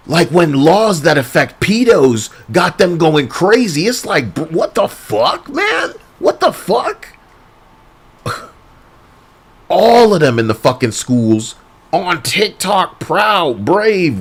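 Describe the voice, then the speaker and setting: A man's voice: on the high side, breathy edge. A man streaming live and ranting casually, in a crude, rambling way with frequent laughter. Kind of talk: casual livestream rant.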